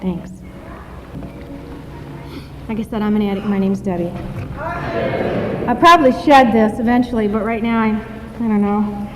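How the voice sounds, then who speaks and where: A woman's voice: medium pitch, normal speed, pauses often, noisy background. Woman speaking candidly in an echoey hall. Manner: candid, self-deprecating, joking. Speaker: guest speaker at a recovery meeting. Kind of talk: personal testimony. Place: meeting hall. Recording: echoey hall, dull muffled sound.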